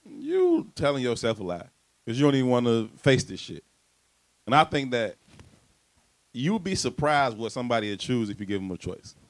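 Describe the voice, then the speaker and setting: A man's voice: medium pitch, wildly swooping pitch, moderate pace. A man co-hosting a casual podcast, speaking in with a laid-back, reflective manner and frequent restarts. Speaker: podcast co-host.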